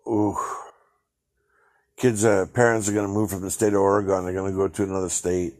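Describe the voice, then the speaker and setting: A man's voice: low-pitched, flat delivery, normal speed, pauses often, a little mellow. A middle-aged man hosts his own solo podcast from a home mic. He rants with profane, exasperated disbelief and often breaks into incredulous laughter. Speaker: podcast host. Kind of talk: ranting solo podcast commentary.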